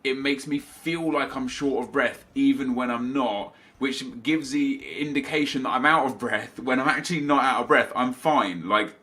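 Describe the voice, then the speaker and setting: A man's voice: mid-range voice, bright, forceful tone. A young man hosting his gaming channel from his home office, chatting casually to camera with a slightly stuffy nose, rambling with lots of restarts and asides.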